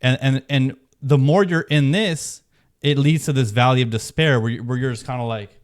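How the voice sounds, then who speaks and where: A man's voice: medium pitch, normal speed. A man hosting his own video, talking casually and rambling with many restarts and fillers. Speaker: video host. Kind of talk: casual talk to camera.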